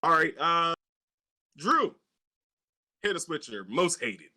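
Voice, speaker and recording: A man's voice: on the high side, very animated, takes it slowly, bright, forceful tone. A man hosting a casual movie podcast, chatty and easygoing, laughing often. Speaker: podcast host.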